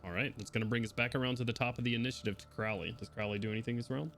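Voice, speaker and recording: A man running a tabletop game as game master, brisk and orderly as he calls turns and rolls. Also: mid-range voice, fairly even intonation, a bit bright.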